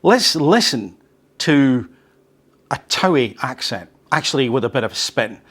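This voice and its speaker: A man hosting an English-learning show, reading an article aloud and adding conversational, animated asides. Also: medium pitch, unhurried, breathy edge. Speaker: podcast host teaching English.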